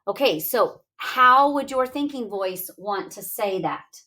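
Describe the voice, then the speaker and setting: A woman with a mid-range, expressive, sharp-toned voice teaches a classroom reading lesson. She goes slowly through examples, coaxing her young students by asking questions aloud.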